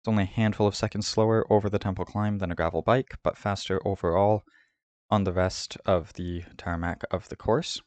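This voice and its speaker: Deep-voiced guy narrating a route guide, steady and methodical, dry sound. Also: a little fast, dry recording. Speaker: host of a cycling route guide. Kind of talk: scripted voice-over over game footage.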